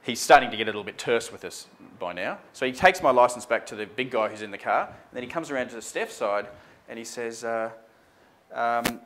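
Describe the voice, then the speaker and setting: A man with a medium-pitched, slightly bright voice speaks at a quick pace, recounting an on-air story about getting pulled over by police. He acts out the dialogue casually and conversationally, peppering it with ums and "mate." It's animated spoken storytelling on air.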